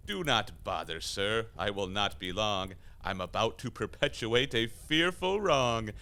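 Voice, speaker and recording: A man's voice: on the low side, lively intonation, unhurried, sharp tone, exaggerated voice. A man voicing a scheming devil assassin sent from hell in a rhyming radio play, theatrical and boastful. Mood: menacing boastful. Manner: theatrical, boastful, swings between bluster and wonder.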